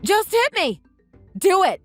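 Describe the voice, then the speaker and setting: A synthetic woman's voice plays a scornful young wife, sharp-tongued and scolding. Her pitch sits fairly high and leaps around expressively. Soft music plays underneath. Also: sing-song, moderate pace. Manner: mocking, scolding. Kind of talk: text-message story voice-over.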